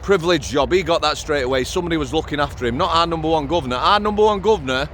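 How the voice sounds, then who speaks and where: A man's voice: fairly high pitch, rapid-fire, fairly bright tone, a little hiss or hum. Blunt sweary man. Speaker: former prison officer, channel host. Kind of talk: casual vlog storytelling.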